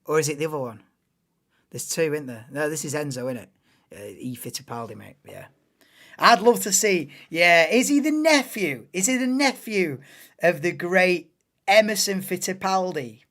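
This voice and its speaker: A man's voice: a little high, sing-song, normal speed, a bit bright. A man doing casual live race commentary on a stream, chatting and thinking aloud between calls of the action.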